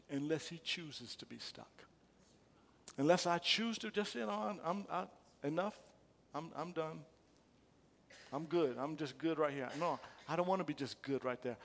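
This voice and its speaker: A man's voice: a little high, normal speed, gravelly, fairly bright tone, in a large hall, slight background noise. A man preaching a sermon as pastor, repeating phrases emphatically and calling the congregation to respond. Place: church sanctuary.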